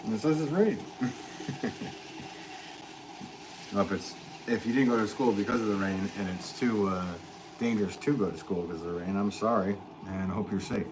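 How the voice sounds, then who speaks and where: A man from Connecticut talks casually to his livestream viewers, his voice sitting low and easy. He chats and laughs lightly as he answers comments. A clear hum of background noise runs under the studio recording. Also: moderate pace, long pauses. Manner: relaxed, chatty, reads viewer comments aloud with little laughs. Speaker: potter hosting a livestream. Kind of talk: casual livestream chat while working. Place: pottery studio.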